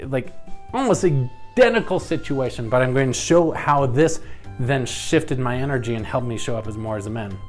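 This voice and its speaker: Animated man giving dating advice. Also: medium pitch. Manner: animated, acts out his own thoughts in quoted voices; earnest, addresses women viewers directly. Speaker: relationship coach. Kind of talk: advice talk to camera.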